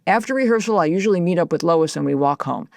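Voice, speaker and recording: A woman narrating an audiobook in the first person, telling the story in a lively, confiding way as a young girl. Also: on the low side, fast, gravelly, no room sound, studio quality.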